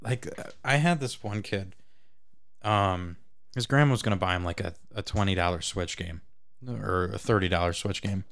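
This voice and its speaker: A man's voice: low voice, moderate pace, a bit bright. A man co-hosting a casual podcast, blunt and profane as he chats and reacts. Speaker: podcast co-host. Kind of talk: casual chat.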